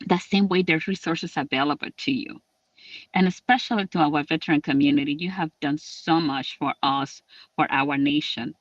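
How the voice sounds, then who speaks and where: A man giving an earnest public address on a livestream, halting with fillers. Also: on the high side, steady tone, fairly bright tone, no echo, recorded from a distance, muffled recording. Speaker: lieutenant governor.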